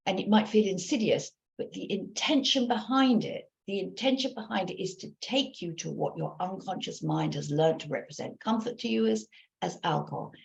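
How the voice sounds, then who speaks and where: A woman coaching live in an earnest voice with a gravelly, fry-edged texture. She keeps circling back to repeat her points. Her audio sounds dull and lo-fi, like a livestream. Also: mid-range voice, darkish tone. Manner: earnest, repetitive, loops back over points. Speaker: recovery coach.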